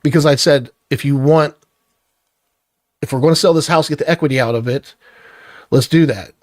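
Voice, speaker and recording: A man's voice: mid-range voice, moderate pace, no echo, clean studio sound. A middle-aged man venting in a blunt, profane, irritated personal vlog rant. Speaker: vlogger.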